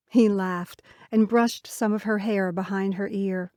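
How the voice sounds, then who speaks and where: A woman reads an audiobook slowly, her voice mellow and soft-edged. Her storytelling is gentle and measured, close to the mic in a dry, dead studio sound. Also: medium pitch, no room sound. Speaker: audiobook narrator. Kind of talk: scripted narration.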